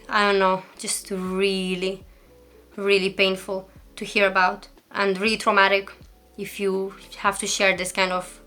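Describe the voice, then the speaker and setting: Young woman, vlogger, crisp bright voice, earnest, defensive, emotional. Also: medium pitch. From Eastern Europe. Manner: earnest, defensive, tearful at times. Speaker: YouTuber. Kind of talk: emotional commentary vlog.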